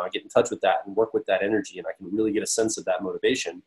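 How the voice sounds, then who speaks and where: A man's voice: low voice, steady tone, racing, hardly any pauses, rough recording. A man who coaches on personality types, talking casually and earnestly, explaining his points through his own examples. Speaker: personality coach and podcast co-host. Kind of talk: casual advice talk to camera.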